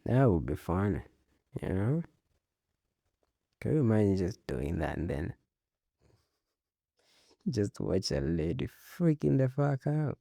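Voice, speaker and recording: A man's voice: on the low side, very animated, slow, gravelly, long pauses, mellow, dry recording, studio quality. A man hosting a casual solo talk show, rambling in a laid-back way, swearing often and laughing at his own jokes. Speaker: podcast host.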